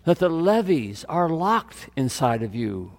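Slow, gravelly preaching man. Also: fairly high pitch, very animated. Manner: slow, deliberate preaching with long pauses. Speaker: pastor. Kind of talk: sermon. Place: church sanctuary. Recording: church sanctuary with long reverb.

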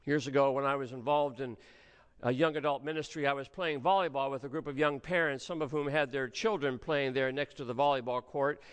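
A man preaching a sermon as pastor, with measured delivery and dramatic pauses. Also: medium pitch, steady tone, clean tone, in a large hall.

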